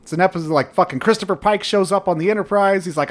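A man with a high-pitched voice co-hosts a podcast in casual chat. His retelling is animated, sarcastic and full of swearing. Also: fast talker, hardly any pauses. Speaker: podcast co-host.

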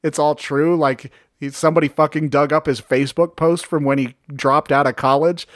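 A man's voice: on the high side, moderate pace, no room sound, studio quality. A man in casual chat, retelling a story with lots of swearing and acting out the quotes. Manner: profane, animated storytelling, acts out quotes.

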